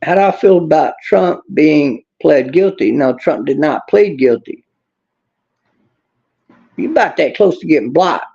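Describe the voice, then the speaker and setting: This livestream host rants about politics in a blunt, angry way, cursing and firing back at comments from chat. He has a fairly high, animated voice with vocal fry and a warm tone, speaking a little slowly with frequent pauses, while the recording's highs are cut off.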